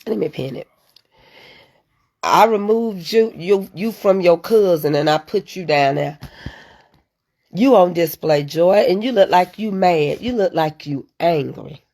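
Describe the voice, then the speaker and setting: A woman's voice: on the low side, a little slow, darkish tone. A woman hosting a casual live stream, chatting straight to her viewers and answering their comments. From United States. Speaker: livestream host reading viewer comments.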